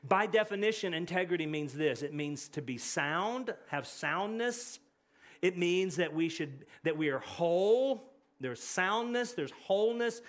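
Man, pastor, high voice, sermon, earnest, conversational, repeats himself. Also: fairly bright tone. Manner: earnest, conversational preaching with repetitions. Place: church sanctuary.

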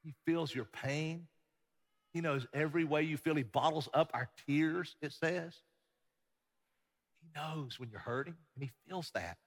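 A pastor giving a sermon, swinging between loud emphatic passages and hushed ones. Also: male voice, a little high, a little slow. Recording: long hall reverb.

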